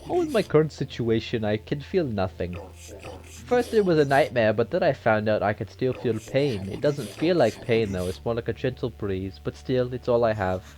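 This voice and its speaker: A man's voice: medium pitch, lively intonation, moderate pace, darkish tone, close to an everyday voice. A man voicing a polite, lonely undead zombie chained in a dungeon, speaking with exaggerated courtesy and a put-on German accent. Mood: courteous. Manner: overly courteous, formal.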